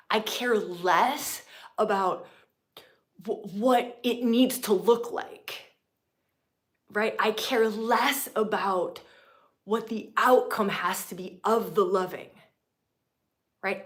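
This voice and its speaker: A medium-pitched woman leads a live spiritual teaching session in an impassioned livestream. She swings between loud, emphatic, profane lines and hushed whispers, repeating phrases for effect.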